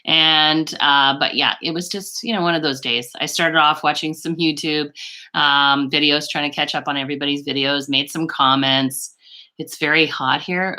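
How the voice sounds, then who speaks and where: This is a woman from Canada whose low voice has a sharp tone, fairly even intonation and a normal pace. Hosting an informal beauty stream in her bedroom over a laptop microphone, she gushes and rambles at her viewers, laughing a little now and then.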